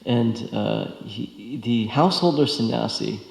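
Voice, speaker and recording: A man giving a devotional scripture lecture, speaking haltingly with many fillers and restarts, recorded in a temple hall. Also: mid-range voice, vocal fry, darkish tone.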